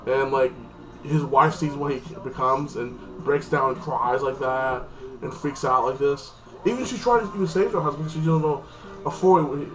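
A man giving a casual, rambling spoken recap and review of a TV episode, full of fillers and restarts. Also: medium pitch. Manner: rambling, filler-heavy, lots of "like". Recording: distant mic with loud music.

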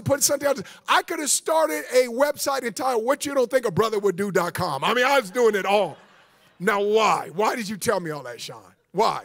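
A male preacher with a very high, gravelly voice delivers a sermon as the guest pastor. He tells his stories with animation and keeps calling on the congregation to answer back. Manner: animated storytelling preacher, calls for audience response.

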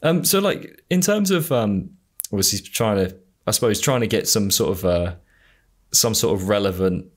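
A podcast host with a generic Southern English accent talks in a slightly low voice. He chats casually, hesitating and trailing off between thoughts. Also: lively intonation, normal speed. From England. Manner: hesitant, trailing off with many fillers. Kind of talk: casual chat.

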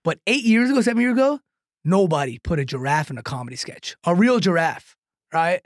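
A man with a fairly high voice spins a comic story as a podcast guest, close on the mic in a dry, dead-sounding room. He keeps checking in with "right?" and chuckles through his own tale. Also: a little fast, no room sound. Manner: animated, tags lines with "right?". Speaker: guest comedian and content creator. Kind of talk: storytelling anecdote in a podcast chat.

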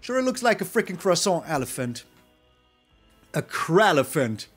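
A man giving excitable, animated live commentary over his own card game, now and then breaking into loud shouts. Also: a little high, normal speed, faint music behind. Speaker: gaming YouTuber.

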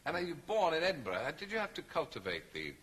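A man hosting a TV chat show in front of a live audience, teasing his guests with quick banter. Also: fairly high pitch, huge pitch swings. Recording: loud studio audience and noise. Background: audience laughter.

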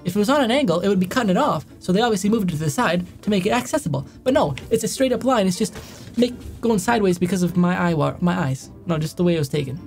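A man's voice: high-pitched, animated, fast talker, vocal fry, a little mellow, soft background music. A young man doing casual reaction commentary, rambling and correcting himself as he goes, often chuckling. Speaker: YouTube commentator.

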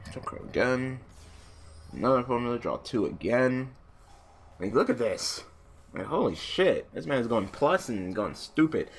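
A young man giving casual gameplay commentary, swearing and ranting in exasperation, swinging between mumbled asides and loud outbursts. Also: mid-range voice, lively intonation, a little slow, slight background noise. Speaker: gaming channel host.

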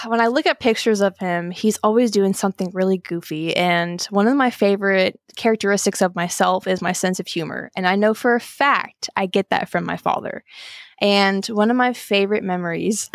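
Twenties woman podcast guest, gravelly voice, dry sound, warm and laughy. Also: medium pitch, moderate pace, no room sound. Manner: warm, emotional and laughing often. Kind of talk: podcast interview.

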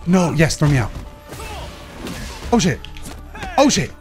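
A man streaming a fighting game, commenting live and swinging between low mumbles and excited shouts. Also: slow. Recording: game music underneath.

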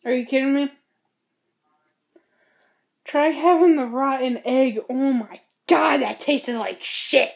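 A young woman chatting casually with a friend, loud, blunt and dramatic, often laughing through her words. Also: high voice, slow, gravelly, long pauses. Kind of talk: casual chat.

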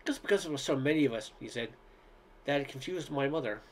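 A man reading a humorous essay aloud in a wry, unhurried storytelling manner. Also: mid-range voice, lively intonation, a little hiss or hum. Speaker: reader.

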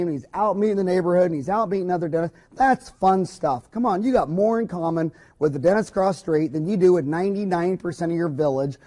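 Guy dentist lecturing other dentists, kinda high voice but mellow, folksy and rambly, punchy. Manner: folksy, emphatic, rambling with asides. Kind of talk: informal recorded lecture.

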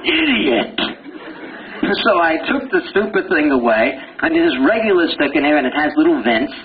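An older man giving a lively pathology lecture, quizzing students with rapid questions and joking as he goes. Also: fairly high pitch. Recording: dull lo-fi lecture recording with faint hiss.

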